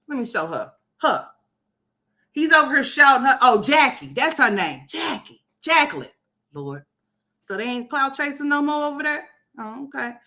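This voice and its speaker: A woman's voice: on the high side, sharp tone. Brash, profane woman commentator. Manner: brash, profane, rambling, talks straight to viewers. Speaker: commentary host. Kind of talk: livestream gossip commentary.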